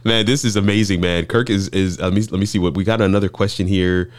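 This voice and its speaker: A man's voice: sits low, steady tone, fast, no echo. A man hosting a live show, enthusiastic and interjecting, often restarting his words. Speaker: livestream show host.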